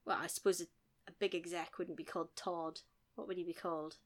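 A woman co-hosting a podcast, recapping a film in animated casual chat full of laughs and quick impressions. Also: lowish voice.

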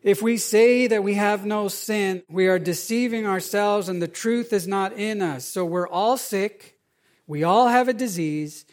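Male pastor, middle-aged, high-pitched voice, animated conversational preaching style. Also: a little slow. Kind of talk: sermon.

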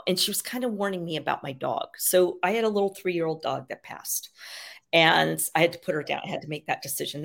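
A woman's voice: fairly low pitch, gravelly. Rambling woman telling animal stories. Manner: rambling, filler-heavy, frequent "you know". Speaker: guest animal communicator and medium. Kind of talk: casual storytelling interview.

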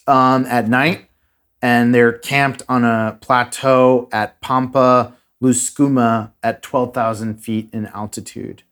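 A man hosting a podcast, casually retelling a strange story with dramatic pauses and a few fillers. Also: mid-range voice. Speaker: podcast host.

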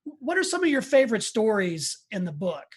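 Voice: mid-range voice, big pitch swings, moderate pace, slightly rough. An interviewer asking earnest, thoughtful questions about a book.

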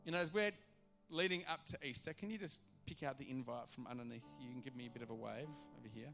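A male pastor preaching a sermon to a church congregation, animated and acting out the voices in his stories. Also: medium pitch, fast, gravelly, faint music behind. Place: church auditorium.

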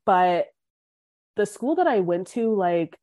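A woman's voice: mid-range voice, takes it slowly, no room sound, studio quality. A young woman from Colorado, a podcast guest, telling her life story frankly and acting out the voices of people in it. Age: young adult. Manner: frank, animated, acts out quoted dialogue. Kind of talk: candid interview storytelling.

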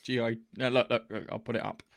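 A man's voice: medium pitch, level tone, quick pace, dry recording, clean studio sound. A man co-hosting a podcast, blunt and sweary, often tagging his points with a questioning "yeah". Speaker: podcast co-host. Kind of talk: casual chat review.

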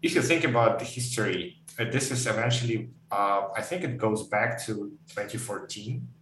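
A man's voice: on the low side, lively intonation, moderate pace, a bit bright. A man from Ukraine, a Russian speaker, giving thoughtful, hedging answers in an interview. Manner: thoughtful, hedging often with "I think". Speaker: guest. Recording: echoey room, distant mic, faint hum.

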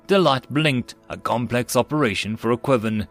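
Man narrating a story over faint music. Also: mid-range voice. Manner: measured, descriptive storytelling.

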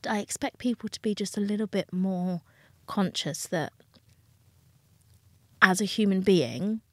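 Speaking at a measured pace, a woman with a medium-pitched, fairly bright voice gives frank, emotional answers as a dating coach being interviewed. She acts out quoted voices, and there's no echo.

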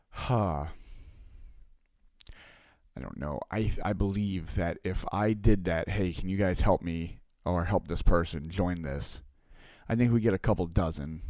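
A man casually telling a story to his audience in a lively way, acting out both sides of a conversation and tagging his lines with "right?". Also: deep voice, no echo, studio quality. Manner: animated, acts out dialogue, constant "right?" tags. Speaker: coach and online marketer.

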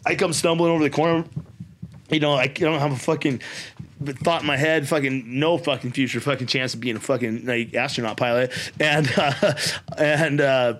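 A man's voice: medium pitch, normal speed, slight background noise. A man telling a fight story in a casual podcast chat, swearing constantly and laughing as he goes. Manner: profane, animated storyteller with laughter. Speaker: podcast guest.

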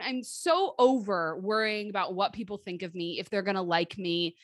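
A woman's voice: medium pitch, moderate pace, few pauses, no echo, clean studio sound. A woman in her thirties co-hosting a chatty podcast, talking bluntly and swearing freely. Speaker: podcast co-host. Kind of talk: casual chat.

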